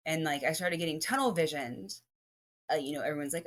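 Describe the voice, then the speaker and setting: Low-voiced woman telling rambling stories. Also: fast. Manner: lively, rambling storytelling full of "like" and restarts. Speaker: podcast guest, academic. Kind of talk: casual podcast chat.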